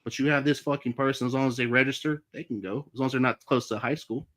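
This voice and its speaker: A man's voice: mid-range voice, steady tone, fast, a bit bright. A man hosting a livestream, telling his story in heated, casual talk full of swearing. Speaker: livestream host. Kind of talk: casual storytelling on a live stream.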